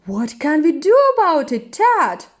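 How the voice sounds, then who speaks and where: Woman putting on a high, chatty storybook dog, male, friendly and eager. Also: very animated, measured pace.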